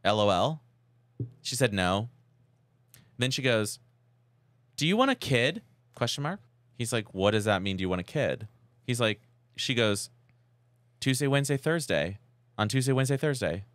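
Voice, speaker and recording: Man, podcast co-host, animated pitch, dry close sound, casual storytelling. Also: measured pace, pauses often, no echo. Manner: animated storytelling, mimics quoted texts. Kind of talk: casual chat.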